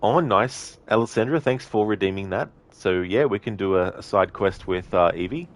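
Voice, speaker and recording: Here a man speaks at normal speed in a voice on the low side. Streaming a game, he keeps up easygoing commentary, reads his viewers' chat messages aloud, and laughs a lot.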